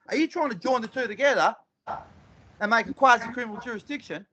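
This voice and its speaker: A man's voice: extremely high pitch, quick pace, pushed and bright, slight background noise. A man speaking as a guest, telling courtroom stories with emphasis, repeating phrases and acting out the exchanges. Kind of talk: animated storytelling talk. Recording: dull lo-fi recording.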